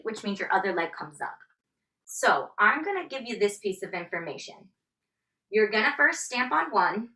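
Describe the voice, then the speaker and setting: A woman's voice: fairly high pitch, bright, forceful tone, far from the mic, slight background noise. A woman in her thirties teaching a tap dance class, upbeat and counting out steps as she goes. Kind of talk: live online dance class instruction.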